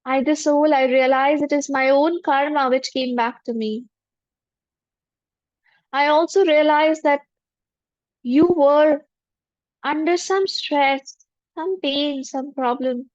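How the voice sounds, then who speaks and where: A woman, a spiritual teacher leading a guided forgiveness meditation in a gentle, humble voice with repeated affirmations. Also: high voice, slow, pauses often, no echo. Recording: dull lo-fi dry recording.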